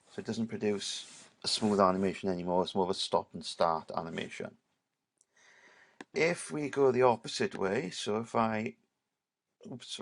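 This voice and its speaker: A male teacher, giving a casual screen-recorded software tutorial and leaning on "right" and "obviously". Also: low voice, creaky.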